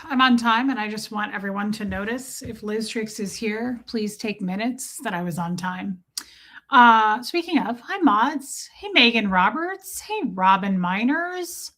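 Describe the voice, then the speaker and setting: Woman streamer, casual, teasing, high-ish voice, live chat host. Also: unhurried. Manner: chatty, teasing, warm toward chat. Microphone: streaming mic.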